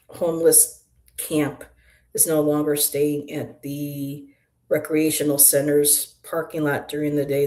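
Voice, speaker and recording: Low and mellow, the voice belongs to a woman hosting a casual livestream from an apartment room. She does card readings as a tarot reader, talks to viewers by name, and rambles, laughing often.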